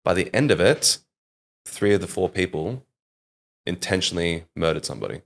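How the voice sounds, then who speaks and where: Australian man, thirties, deep low voice, casual storytelling coach for a podcast chat. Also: normal speed, vocal fry. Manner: animated storyteller, leans on "like" and "mate". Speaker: public speaking coach.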